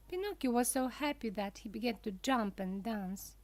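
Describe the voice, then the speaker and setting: A woman narrating a children's storybook for language learners in a careful, deliberate way. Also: on the high side, animated, a little mellow, no echo.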